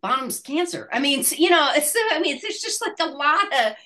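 A woman in her sixties, an actress being interviewed, telling a story in a halting way with many restarts and laughs. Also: sits high, animated, sharp tone. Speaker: actress guest. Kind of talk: casual interview chat.

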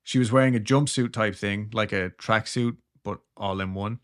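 Laughter keeps breaking into this podcast co-host's easygoing, jokey retelling of a story. He speaks at a moderate pace in a voice on the low side.

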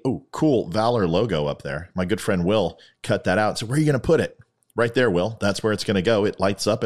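A man hosting his own podcast, rambling through a comic story and plugs with self-mocking jokes. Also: low voice. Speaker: podcast host. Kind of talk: casual comedic monologue.

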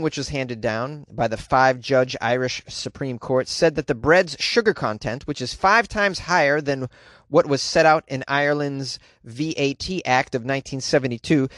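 Male comic host, slightly high voice, ranting and crude, dry close sound. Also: dry recording. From United States. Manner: animated, ranting, crude and sarcastic. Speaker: comedy news host. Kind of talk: comedic news commentary.

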